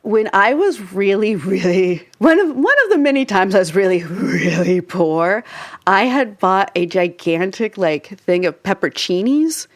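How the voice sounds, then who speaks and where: A woman's voice: medium pitch, animated, measured pace, no room sound. Dry-sounding chatty woman podcast host. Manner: chatty, explains at length with frequent "like" fillers and laughs. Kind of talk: casual podcast chat.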